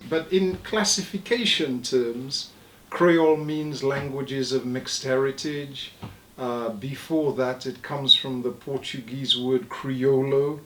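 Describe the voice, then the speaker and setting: A man who is a linguist, explaining word origins in an interview in a measured, lecturing way. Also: medium pitch, fairly bright tone, reverberant, slight background noise.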